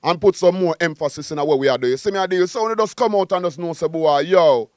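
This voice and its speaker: A quick, boastful Jamaican man talking in an interview, with a fairly high, smooth voice. He sounds animated and keeps coming back to the same phrases. The sound is dry and close to the microphone. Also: dry recording. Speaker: guest musician. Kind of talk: casual interview.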